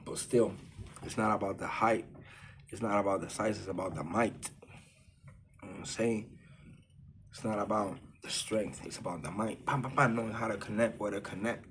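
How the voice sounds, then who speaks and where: A man's voice: on the low side, steady tone, moderate pace, pauses often, slight background noise. A man casually telling a personal story in profane street slang, full of fillers like "you know what I'm saying".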